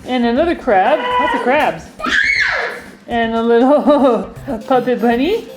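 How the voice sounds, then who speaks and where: A woman's voice: on the high side, takes it slowly, raised voice, low-quality recording. A woman hosting a playful family video, cheerfully announcing each toy and laughing often. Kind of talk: playful commentary. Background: music.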